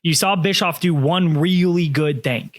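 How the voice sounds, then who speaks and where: A man co-hosting a podcast in casual chat, animated, acting out quotes and swearing freely. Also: on the high side, unhurried. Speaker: podcast co-host.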